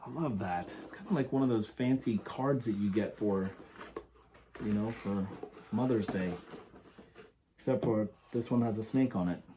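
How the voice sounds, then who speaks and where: A man reviewing perfumes in a casual, enthusiastic, rambling way, often pausing to read product descriptions aloud. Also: lowish voice, dark tone, slight background noise.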